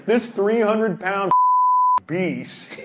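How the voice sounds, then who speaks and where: A male stand-up comedian with a slightly high voice tells jokes in a quick, matter-of-fact way. Loud noise runs under the live recording. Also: expressive.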